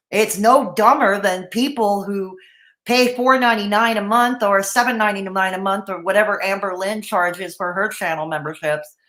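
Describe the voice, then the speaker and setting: A woman's voice: medium pitch, fairly bright tone. A woman hosting a casual livestream, blunt and opinionated, greeting chat viewers by name between comments. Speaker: livestream host.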